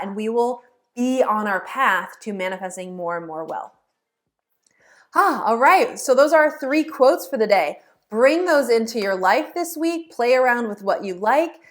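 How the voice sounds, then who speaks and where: An upbeat woman talks straight to her viewers like a teacher. Her voice sits a little high for a woman. She slips into lively imagined inner voices to make her points. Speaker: law of attraction teacher. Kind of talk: teaching to camera, casual.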